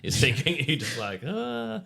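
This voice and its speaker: A man's voice: deep voice, a little fast. An Australian man, a guest on a podcast, telling stories in casual chat and laughing often. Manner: laughs often, relaxed storytelling. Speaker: podcast guest, wrap trainer.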